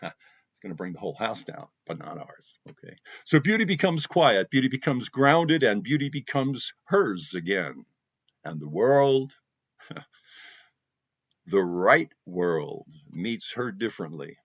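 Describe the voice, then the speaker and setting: A man's voice: fairly low pitch, very animated, takes it slowly, no room sound. A man hosting a heartfelt spiritual talk for his viewers, speaking emotionally and with passion, and repeating phrases for emphasis. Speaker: spiritual channel host. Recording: dull dry lo-fi sound.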